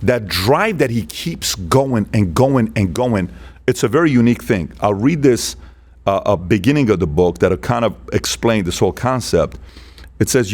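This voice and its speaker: A man talks as a guest on a podcast in a lowish voice, telling stories with plenty of drive. He leans hard into his points and acts out the lines of the people he quotes. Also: expressive, moderate pace, darkish tone. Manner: emphatic, acts out quoted dialogue. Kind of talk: animated storytelling.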